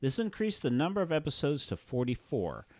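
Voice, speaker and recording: A man's voice: on the high side, wildly swooping pitch, brisk, a little mellow, dry recording. A man co-hosting a casual chat, reading out notes with dry joking asides. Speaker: podcast co-host.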